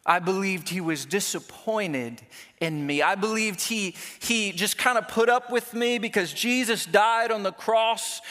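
A man's voice: extremely high pitch, sharp tone, in a large hall. A man preaching a sermon as pastor, conversational and self-deprecating, with playful asides to the congregation.

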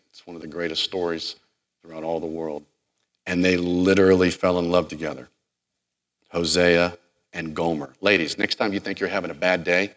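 A middle-aged man with a very low voice delivers a sermon. His delivery is dramatic. He slips into the voices of the people in the story, and his volume swings between hushed and loud. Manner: dramatic, acts out quoted speech, varies loudness widely. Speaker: preacher.

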